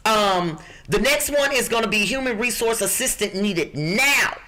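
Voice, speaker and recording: A middle-aged woman from the Midwest with a rough-edged voice, co-hosting a podcast and reading out job listings in a brassy, emphatic, joking way. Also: medium pitch, animated, unhurried, sharp tone, a little hiss or hum. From Chicago. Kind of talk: lively podcast chat.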